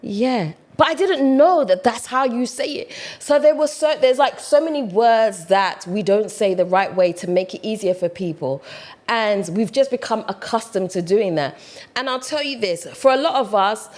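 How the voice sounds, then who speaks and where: A woman with a British accent, talking casually to camera in a chatty, animated way. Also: mid-range voice. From United Kingdom. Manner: chatty, animated, mimics other voices. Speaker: vlogger.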